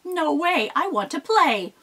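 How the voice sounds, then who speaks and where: A woman voicing a small, stubborn, playful billy goat in an oral storytelling performance, with a high, sing-song defiance. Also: sing-song, measured pace, a bit bright, exaggerated voice. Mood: defiant.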